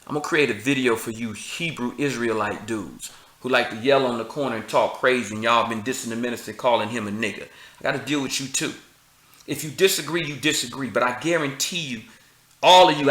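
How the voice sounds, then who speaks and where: A man's voice: mid-range voice, fairly quick, a bit bright, echoey room. A man, speaking preachy and confrontational, firing rhetorical questions and street slang. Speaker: commentator. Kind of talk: impassioned address to camera.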